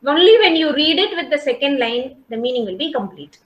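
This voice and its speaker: High-voiced woman lecturing online. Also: very animated, fairly quick, roomy sound, muffled recording. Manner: explains patiently, repeats points, asks "okay?" and "got it?" often. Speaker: college English lecturer. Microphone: video call.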